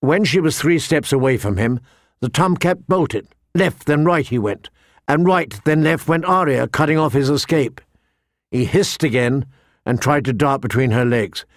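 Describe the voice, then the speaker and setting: A man reading a fantasy novel aloud as narrator, steady and shifting pace with the action. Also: medium pitch, normal speed, no echo, clean studio sound. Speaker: audiobook narrator. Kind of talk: scripted narration.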